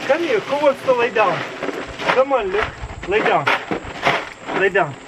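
A high-voiced man talks slowly and easily as he films his dogs outside, laughing a lot while he coaxes and praises them. Loud outdoor noise sits behind him, with crickets and passing cars. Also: expressive. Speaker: dog owner vlogging his huskies. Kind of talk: casual outdoor vlog, talking to his dogs. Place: outdoors in a yard.

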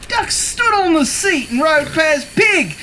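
A woman reading children's picture books aloud in a slow, animated way, adding her own asides. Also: high-pitched, background noise. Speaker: storybook reader.

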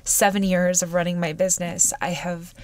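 A woman hosting a personal podcast, weepy and close to tears, speaking in halting, searching phrases with frequent sighs. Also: lowish voice, flat delivery. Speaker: podcast host.

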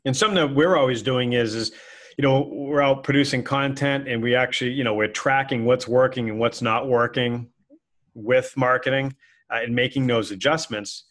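A man's voice: medium pitch, normal speed, a bit bright. Man, podcast co-host, casual business chat, loose rambling delivery. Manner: loose, rambling, many fillers and restarts. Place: office with a whiteboard behind.

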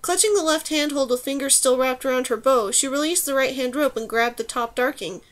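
A woman reading a fantasy novel aloud as audiobook narrator, in an even, measured way. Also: sits high. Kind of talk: scripted narration.

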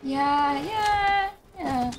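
A woman chatting excitably and rambling while playing a game with a friend on stream. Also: sits high, very slow. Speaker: guest streamer. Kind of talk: casual gaming chat. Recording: noisy stream audio.

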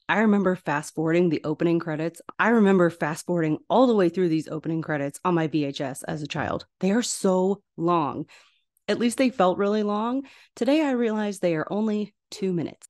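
A young adult woman hosting a podcast, chatting casually and gushing about an old animated film. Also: fairly low pitch. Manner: gushing, enthusiastic, chatty with laughs. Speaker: podcast host. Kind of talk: casual film rewatch commentary.

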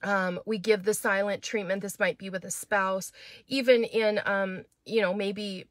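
A middle-aged woman pastor teaching scripture in a lively, conversational way, with fillers and restarts. Her voice sits at a medium pitch. It is recorded close and dry, with no room sound. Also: measured pace, dry recording. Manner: animated, acts out quoted voices, fillers and restarts. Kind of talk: teaching a Bible chapter, conversational.

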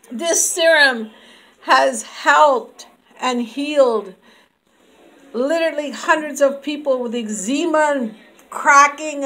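A woman giving a rhyming, slangy, boastful sales pitch for her homemade skincare products, swinging between loud hype and low murmurs. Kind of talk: hyped home product showcase.

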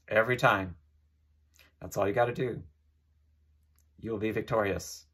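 A man's voice: lowish voice, fairly even intonation, normal speed, long pauses, a bit bright, husky. A man giving an informal sermon, earnest and repeating phrases as he leads listeners in prayer. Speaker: preacher.

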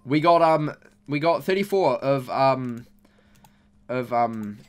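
Taking it slowly, this young gaming YouTuber has a mid-range, expressive voice, with faint music behind. As he opens game packs, his casual commentary breaks into exasperated, repetitive, mock-angry gripes about his bad luck.

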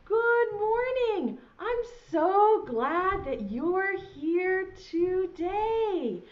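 Slow, sing-song woman teaching preschoolers. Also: very high voice, highs cut off. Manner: slow, sing-song and animated, speaking to small children. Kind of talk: preschool lesson for young children.

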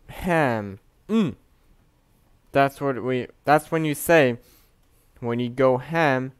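A young man talks over his mobile game in a smooth, clear voice, recorded close and dry with no room sound. He drawls along at an unhurried pace, muttering to himself, then bursts into loud yells and curses when things go right or wrong. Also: mid-range voice, no room sound. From Canada. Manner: excitable, swearing, swings between mumbling and yelling. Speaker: gaming youtuber. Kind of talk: casual gameplay commentary.

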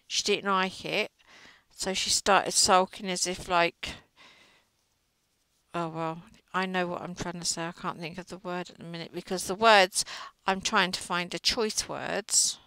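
A woman's voice: fairly low pitch, sharp tone, dry recording, poor audio. A middle-aged woman chatting and gossiping while she crochets, often trailing off mid-sentence. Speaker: crochet vlogger. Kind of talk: casual chat while crocheting.

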